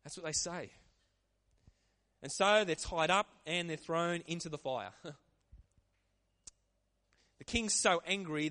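Lively pastor preaching. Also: male voice, fairly high pitch. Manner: lively, conversational preaching with frequent laughs. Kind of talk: sermon.

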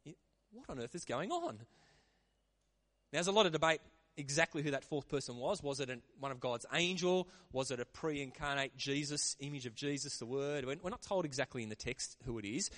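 A man preaching a sermon in a lively, conversational way. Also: mid-range voice, a little fast. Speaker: pastor.

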